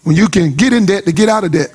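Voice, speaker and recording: A pastor preaching a sermon in a rising sing-song cadence, shouting at the peaks and talking in casual vernacular. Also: male voice, sits high, slightly rough. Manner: uses casual vernacular speech.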